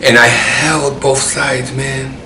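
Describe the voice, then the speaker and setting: A man's voice: mid-range voice, level tone, takes it slowly, pushed and bright, echoey room, a little hiss or hum. A man telling a personal story in a rambling way, often repeating himself.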